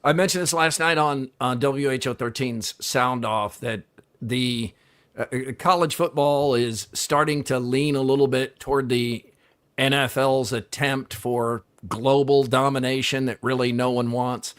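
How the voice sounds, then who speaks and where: A man hosting a casual sports talk show, easygoing and opinionated, trailing off quieter at the ends of sentences. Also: mid-range voice, steady tone, a little slow.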